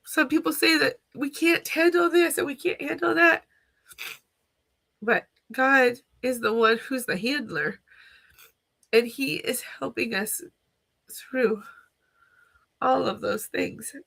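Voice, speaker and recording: A woman talks slowly and earnestly in a live devotional stream, her voice gravelly and bright. She sits a little high in pitch and searches for her words as she shares her faith, then reads scripture aloud. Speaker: children's ministry teacher. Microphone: phone or webcam livestream.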